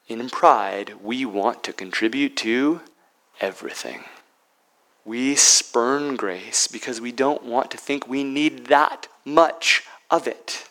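Guy preaching a sermon, gets loud and emphatic then goes quiet and whispery. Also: medium pitch, slow pace, low-quality recording. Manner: emphatic, swinging from loud peaks to hushed near-whispers. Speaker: pastor.

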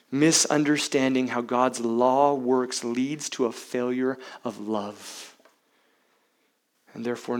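Emphatic male pastor preaching. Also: mid-range voice. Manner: emphatic, with dramatic swings between loud and hushed; uses rhetorical questions to the congregation. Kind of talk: sermon.

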